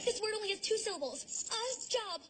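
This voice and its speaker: An actress playing a spoiled, clueless young rich heiress who whines melodramatically, on a noisy TV soundtrack. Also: female voice, extremely high pitch, animated, a little fast. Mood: whiny. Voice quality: whiny, airheaded drama. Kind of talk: sitcom acting.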